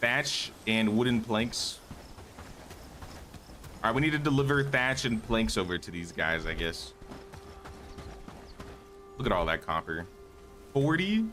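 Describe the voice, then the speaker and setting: A man's voice: fairly low pitch, expressive, a little slow, pauses often, a bit bright, a little hiss or hum. A man casually talking through a live game stream, thinking aloud and greeting viewers, his voice a bit worn. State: slightly losing his voice.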